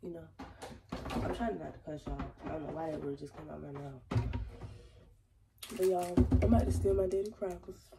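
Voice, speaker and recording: A woman's voice: low-pitched, moderate pace, vocal fry, pauses often, recorded from a distance, over loud music. A young woman with a cold chatting casually to her viewers from her home kitchen, talking straight to camera and cursing freely. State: has a cold, sniffling. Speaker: vlogger.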